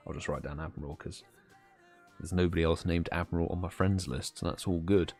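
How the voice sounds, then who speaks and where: Relaxed British man hosting a live stream. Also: low-pitched, fairly quick, soft background music. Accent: British English. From United Kingdom. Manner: relaxed, chatty, greets chat viewers by name. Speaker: livestream host. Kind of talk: casual live stream chat.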